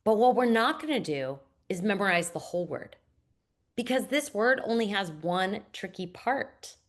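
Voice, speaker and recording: A woman's voice: mid-range voice, animated, moderate pace. A woman literacy instructor walking teachers through a reading lesson, modeling classroom routines. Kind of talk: teacher training demonstration.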